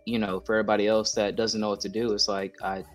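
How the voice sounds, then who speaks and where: A man's voice: fairly low pitch, level tone, fast talker, faint music behind. A man chatting on a podcast as a guest, talking in a hesitant, blunt way with many restarts. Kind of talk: casual chat.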